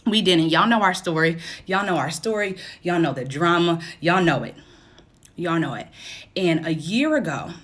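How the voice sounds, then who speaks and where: A woman's voice: on the low side, animated, normal speed, a bit bright. A woman in her thirties hosting a live stream, giving a casual motivational talk and repeating her questions in a chatty, encouraging way. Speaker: host of a live stream for women.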